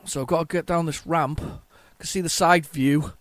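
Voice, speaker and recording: A man hosting a retro gaming channel, giving chatty, excitable gameplay commentary with jokey, self-mocking asides to his viewers. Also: on the high side, moderate pace, no room sound. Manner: excitable, chatty, talks to viewers while playing.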